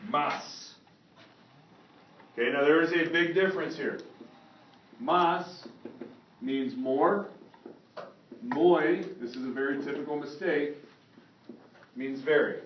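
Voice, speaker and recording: A man's voice: fairly high pitch, slow, long pauses, a little hiss or hum. A man teaching a Spanish grammar lesson to a classroom and often asking if students follow. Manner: lively, checks understanding often. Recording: echoey classroom, far from mic, dull.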